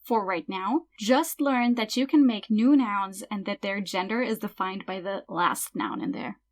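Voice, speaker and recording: A woman teaching a language lesson, saying example words slowly and carefully, and often trailing off quietly at the end of phrases. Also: medium pitch, lively intonation. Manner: slow careful word-by-word example pronunciation. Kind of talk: explanatory tutorial.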